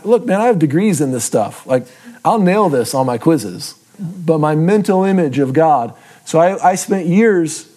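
A man's voice: on the high side, mellow. A man giving a casual, self-deprecating Bible lesson, often checking in with his listeners. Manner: casual, checks in with frequent tag questions. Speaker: Bible teacher. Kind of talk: conversational teaching talk.

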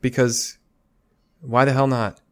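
A young man co-hosting a relaxed podcast conversation. He talks in a thoughtful, rambling way and often restarts his sentences. His voice sits at a medium pitch. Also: slow. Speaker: podcast co-host. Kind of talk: casual chat.

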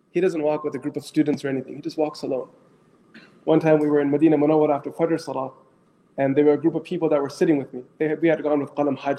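A middle-aged man, an Islamic scholar with as his tongue, tells stories to an audience in an animated way, asks his listeners questions and mixes in phrases. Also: fairly high pitch, slight background noise. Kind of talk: storytelling talk to an audience.

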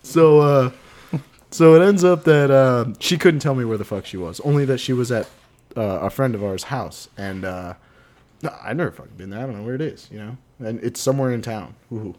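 A podcast co-host spins a long, rambling story, swearing freely and acting out what people said. His mid-range voice has a darkish tone and moves fairly quickly.

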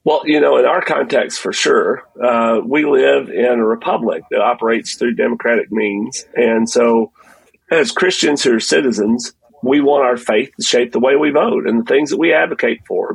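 A man who is a pastor, guest on a podcast, answering questions in a measured, thoughtful way. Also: mid-range voice, no room sound, poor audio. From Texas. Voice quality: gravelly and husky. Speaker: pastor and denomination president, guest. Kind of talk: conversational interview answers.

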